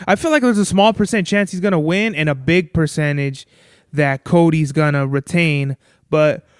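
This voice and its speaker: A man's voice: a little high, clean tone, no echo, clean studio sound. A young man hosting a podcast on his own, talking casually in a rambling, profane way. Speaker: podcast host. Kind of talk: casual solo podcast talk.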